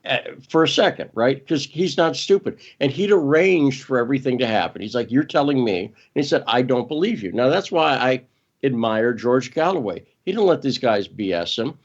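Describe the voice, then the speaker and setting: A man speaking as a guest, pressing his points quickly and stopping to correct himself mid-thought. His voice sits at an ordinary pitch. The sound is muffled and lo-fi, like call audio. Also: expressive. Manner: emphatic, quick, often restarts and corrects himself. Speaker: interview guest. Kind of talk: casual interview talk.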